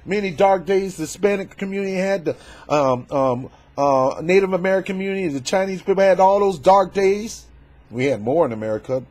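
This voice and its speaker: A man doing a casual political commentary vlog, talking in a fervent, preachy, colloquial way with loud emphatic outbursts. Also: high voice, lively intonation, fairly quick. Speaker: YouTube commentator.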